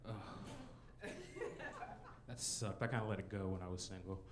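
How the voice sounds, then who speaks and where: A man's voice: deep voice, fairly even intonation, moderate pace, background noise. A man in his twenties doing a rambling, self-mocking stand-up set in a comedy club. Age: 20s. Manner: rambling, self-mocking, with frequent "you know" and "like".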